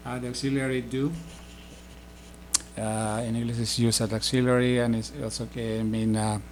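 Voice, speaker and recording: A middle-aged man giving a casual spoken language lesson, explaining slowly with many fillers and restarts. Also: medium pitch, little pitch movement, slight background noise. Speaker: language teacher.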